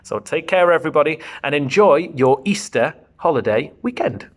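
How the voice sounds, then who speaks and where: A man, a primary school teacher, reading a children's storybook aloud with animated, chatty asides to the children. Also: fairly high pitch, normal speed.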